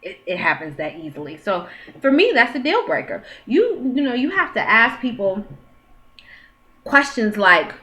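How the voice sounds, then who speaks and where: A woman's voice: on the high side, very animated, normal speed, pushed and bright. A woman in her thirties giving dating advice straight to camera at home, in a frank, chatty way. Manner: frank and chatty, with quoted dialogue and questions. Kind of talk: casual advice monologue. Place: at home, with her child nearby.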